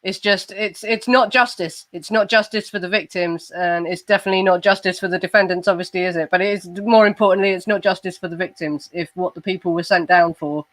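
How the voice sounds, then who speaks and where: An English woman co-hosting a casual true crime chat, animated and laughing easily. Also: lowish voice, a little fast, hardly any pauses, no room sound. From England. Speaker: co-host.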